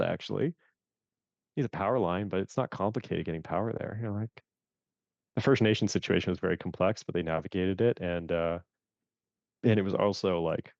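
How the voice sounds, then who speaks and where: A Canadian fund manager, interviewed casually, tells investing stories in a low, gravelly voice, animatedly acting out his own reactions as quotes. The sound is dry, a bit dull and close, without echo.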